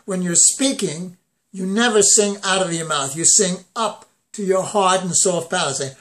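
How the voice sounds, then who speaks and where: A man's voice: sits high, moderate pace, a bit bright. A man giving a voice lesson, explaining where he places the sound and breaking into sung phrases to demonstrate. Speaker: voice teacher.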